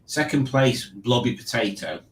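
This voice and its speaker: A man's voice: medium pitch, expressive, unhurried, reverberant, a little hiss or hum, poor audio. A man hosting a casual online quiz, reading questions and joking about them. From Liverpool, England. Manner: wry, mocking the questions. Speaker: quiz host.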